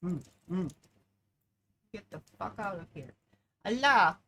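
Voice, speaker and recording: Woman streamer, low-ish voice, unhurried delivery, swears a lot and vents at teammates. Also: a little mellow, husky. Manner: exasperated, profane, heavy use of "like". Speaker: live streamer. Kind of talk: live gameplay commentary.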